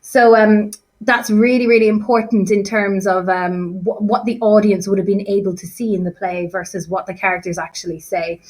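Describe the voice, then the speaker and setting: A woman's voice: mid-range voice, flat delivery, normal speed, darkish tone, rough recording. Chatty woman teacher recapping a play. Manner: chatty, self-deprecating, many fillers and restarts. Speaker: English teacher. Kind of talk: casual revision lesson chat.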